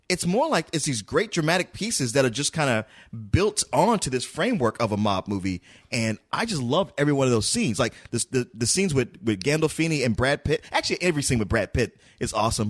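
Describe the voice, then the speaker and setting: A man co-hosting a film review podcast who talks in a playful, teasing way in casual chat. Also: mid-range voice.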